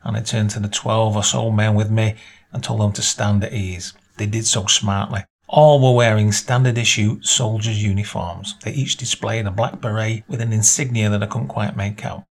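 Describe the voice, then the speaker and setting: Husky male story narrator. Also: fairly even intonation. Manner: measured storytelling, voices dialogue with small pitch lifts. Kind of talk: reading a short story aloud.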